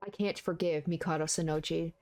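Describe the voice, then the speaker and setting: A woman's voice: deep voice, fairly even intonation, brisk, darkish tone, soft background music. A woman voicing a defiant teenager with a cool, mocking delivery.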